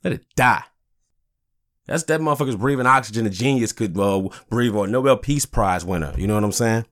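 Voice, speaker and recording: A man's voice: on the low side, fast. A man hosting a podcast, ranting angrily and profanely in a casual, heated way. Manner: angry, profane, heated, frequent "you know what I'm saying". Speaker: podcast host.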